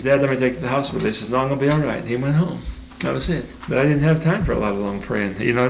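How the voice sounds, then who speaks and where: Folksy older man preaching, gravelly voice. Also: on the high side, fairly bright tone, low-quality recording. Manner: folksy, chuckling often, reads scripture aloud. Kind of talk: informal sermon with anecdotes.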